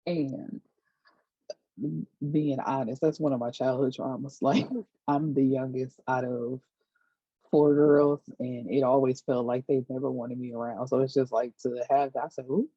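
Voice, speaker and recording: A woman's voice: a bass voice, flat delivery, a little slow, no echo. A woman in a casual recap vlog, chatty and sassy, acting out quotes with slang. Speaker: book and TV recap vlogger. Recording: slightly dull lo-fi recording.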